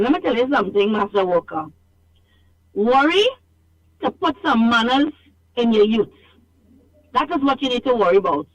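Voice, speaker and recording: A Trinidadian woman calling in to a radio show, talking emphatically and scolding, repeating herself for stress, over a phone line. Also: high voice. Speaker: radio call-in caller. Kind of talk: animated call-in complaint.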